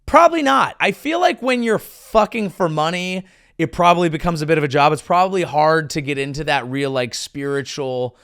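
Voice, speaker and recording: A male comedian hosting his own podcast, riffing crude jokes in an animated monologue on a close mic. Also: a little high, moderate pace, no room sound. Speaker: comedian host.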